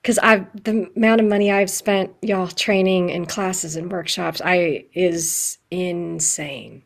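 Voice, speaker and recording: A middle-aged woman teaching an acting class, chatty and animated, laughing often as she explains. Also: fairly low pitch, slow pace, vocal fry. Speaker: acting coach. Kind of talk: live online acting class.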